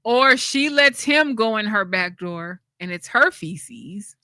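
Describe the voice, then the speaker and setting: A woman's voice: medium pitch, animated, takes it slowly, pushed and bright, dry recording. Woman doing a casual livestream, blunt and laughy, dry close sound. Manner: blunt, laughing often, with slang. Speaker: channel host.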